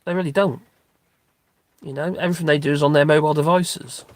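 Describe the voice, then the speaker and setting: A man's voice: on the high side, steady tone, fast, no echo. A middle-aged man, chatting in a rambling, casual way during a live stream while out walking his dogs, with lots of fillers and restarts. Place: outdoors on a dog walk.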